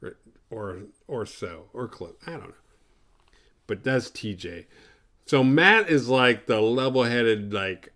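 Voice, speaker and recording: Man, mid-pitch, hosts a horror review show; loose, profane, sarcastic recap. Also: expressive, takes it slowly, fairly bright tone. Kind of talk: casual movie recap.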